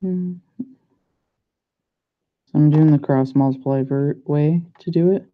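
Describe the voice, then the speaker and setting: Muttering as he tackles practice problems, this young man, a pharmacy student, moves slowly and keeps questioning himself. His voice is a little high, with fairly even intonation. The sound quality is muffled and lo-fi.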